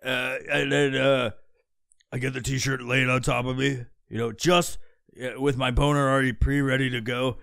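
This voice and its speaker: Profane, animated man on a podcast, gravelly voice. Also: medium pitch, moderate pace. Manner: profane, animated, acts out voices mid-story. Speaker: podcast host. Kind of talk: crude comedic podcast rant.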